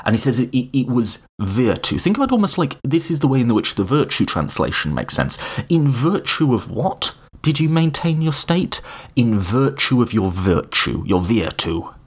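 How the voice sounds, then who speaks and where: A man hosting a podcast, giving an informal, animated lecture full of asides and restarts. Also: medium pitch, normal speed, husky. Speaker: podcast host. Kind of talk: casual lecture on political philosophy.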